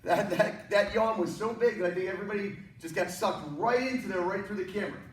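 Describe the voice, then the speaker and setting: A man's voice: high voice, fast talker. A man teaching an online martial arts class, coaching with energy and jokes. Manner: energetic, joking, encouraging coaching. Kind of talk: online workout class instruction. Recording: echoey room, mic at a distance, faint noise.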